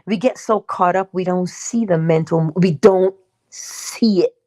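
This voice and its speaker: A woman's voice: fairly low pitch, a little slow, warm tone. A woman hosting a morning livestream teaching talk, emphatic and conversational, asking her listeners questions and acting out little dialogues. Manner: acts out little dialogues with herself. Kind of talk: live-stream teaching talk.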